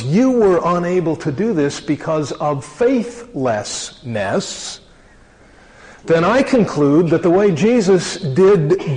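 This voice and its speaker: A man preaching a sermon, earnest and slowing down to stress key phrases. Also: on the high side, darkish tone. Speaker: pastor. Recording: long reverb of a large hall.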